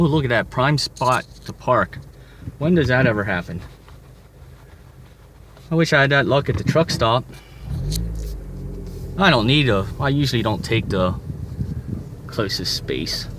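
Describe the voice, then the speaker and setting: A man, a truck driver, chatting casually as he vlogs from the cab while driving, rambling and correcting himself as he goes. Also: mid-range voice. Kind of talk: casual driving vlog commentary. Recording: loud road and engine noise. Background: vehicle engine noise.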